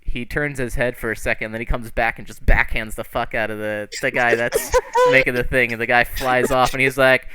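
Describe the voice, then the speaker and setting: A man narrating as game master of a tabletop game, profane and animated. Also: medium pitch, fairly quick, few pauses, clean tone.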